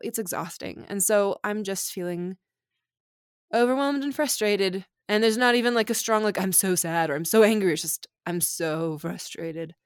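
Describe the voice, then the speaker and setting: A woman's voice: medium pitch, clean tone, no echo, studio quality. A woman in her thirties in a candid, casual conversation, venting her frustration with many fillers. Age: 30s.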